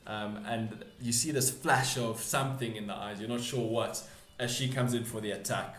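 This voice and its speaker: A man's voice: medium pitch, fairly even intonation, fairly bright tone. A man narrates a tabletop battle as game master. He stumbles, restarts and corrects himself as he goes. His voice carries the echo of a bare room. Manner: halting, full of restarts and self-corrections.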